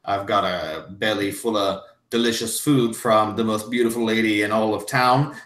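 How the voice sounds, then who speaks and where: A game master puts on a swaggering, belligerent old drinker who brags loudly of being a war hero. His voice rings in a roomy space, brash and pushy, never letting anyone else talk. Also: fairly low pitch, steady tone, moderate pace, lightly acted. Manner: boastful, belligerent, loud. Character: old drunken belligerent Scottish man boasting. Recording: roomy echo.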